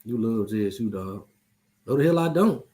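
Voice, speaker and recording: Guy hosting a sports talk show, loose and jokey, likes to trash talk, regular-pitched voice. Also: lively intonation, moderate pace, warm tone. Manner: loose, joking, trash-talking. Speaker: show host. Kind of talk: casual sports chat.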